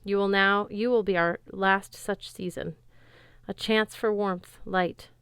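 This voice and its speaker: Woman reading a calm, solemn father god. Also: medium pitch, clear, resonant tone, no room sound, clean studio sound. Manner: solemn, measured, formal.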